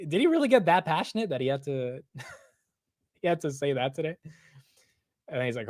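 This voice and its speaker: A man hosting a live stock market stream, talking casually and excitably with loose slang and frequent laughs. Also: fairly high pitch, moderate pace, long pauses, no room sound, clean studio sound. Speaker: market livestream host.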